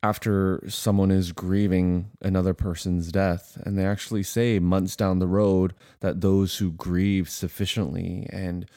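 Low, dark-voiced man in reflective chat. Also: level tone, measured pace, few pauses, no echo, clean studio sound. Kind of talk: casual conversation.

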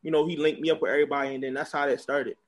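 Young philly guy chatting fast, loose, lots of likes and you knows. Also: a little high, fairly even intonation. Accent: Philadelphia. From Philadelphia. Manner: laid-back, filler-heavy rambling. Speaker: interview guest, music promoter. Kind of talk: casual interview chat.

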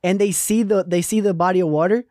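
A young man co-hosting a casual faith podcast, telling Bible stories with lively acted-out quotes. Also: high voice, fast talker, dry recording, studio quality. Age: young adult. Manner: animated storytelling with acted quotes. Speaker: podcast co-host.

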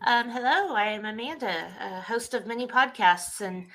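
Bright-voiced wry woman podcaster. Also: a little high, normal speed, poor audio. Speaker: podcast host. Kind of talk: casual podcast chat.

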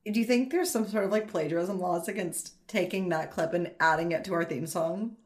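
Female co-host, lowish voice, casual and wry. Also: brisk. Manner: dry, teasing asides. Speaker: podcast co-host. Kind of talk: casual podcast chat.

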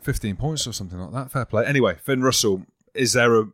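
A man's voice: medium pitch, fast talker, a bit bright, dry recording. A man co-hosting a rugby podcast in a studio, teasing his co-hosts in cheeky casual banter. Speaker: podcast co-host. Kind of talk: casual chat.

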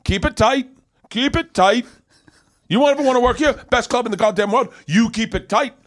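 A man barking as a sneering bully comic. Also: moderate pace. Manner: barking, high, shouted orders. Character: bullying male club comic, loud and sneering.

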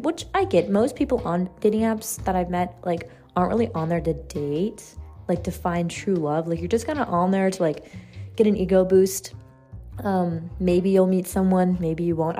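A woman's voice: lowish voice, warm tone. Rambling, swearing young woman podcaster. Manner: candid, rambling, swears freely with frequent fillers. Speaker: podcast host. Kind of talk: casual solo podcast chat.

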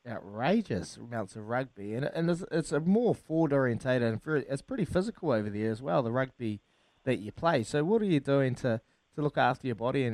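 A man's voice: mid-range voice, darkish tone, no room sound. Chatty male interviewer, dry sound. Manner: chatty, long rambling questions, says mate. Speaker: radio interviewer. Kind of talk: casual interview.

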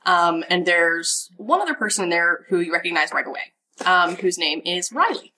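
A woman narrating as game master of a tabletop role-playing game in a relaxed, chatty way. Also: on the low side, moderate pace, far from the mic.

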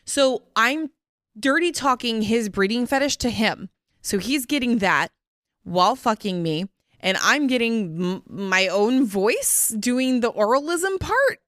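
A woman's voice: fairly high pitch, a little slow, no echo, studio quality. A woman hosting a podcast, chatting frankly and expressively with plenty of swearing. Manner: blunt, expressive and profane. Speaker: podcast host. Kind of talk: frank casual chat.

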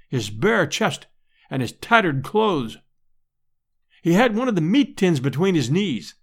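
Man narrating with a lively voice. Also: on the high side. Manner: measured, expressive storytelling. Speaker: audiobook narrator. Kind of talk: audiobook narration.

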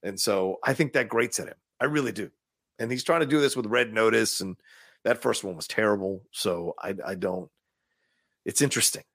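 Podcast co-host, male, gravelly and husky, lively and rambling, dry close mic. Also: on the low side, moderate pace, no room sound. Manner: opinionated, laughs often, rambling. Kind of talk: casual movie chat.

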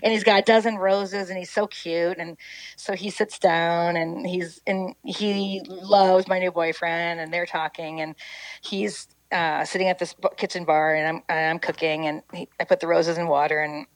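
A woman with a somewhat low voice tells a story in lively, casual chat. The sound is dry and close, with no room around her. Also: moderate pace, no room sound, low-quality recording. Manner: lively, acts out quotes in a higher voice. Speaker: storyteller guest.

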